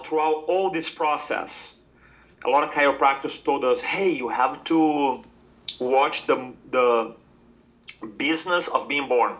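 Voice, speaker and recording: A middle-aged man, a podcast guest, telling a personal story in an animated way and acting out the quoted lines. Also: medium pitch, lo-fi sound. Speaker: podcast guest, speaker and coach.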